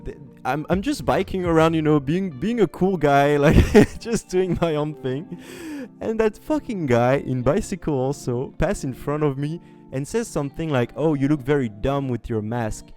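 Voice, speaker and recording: A man's voice: a little high, lively intonation, normal speed, a little mellow, faint music behind. A man with a French accent, a podcast guest telling a story casually, with many fillers and restarts and slips into French. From France. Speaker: podcast guest, competitive gamer.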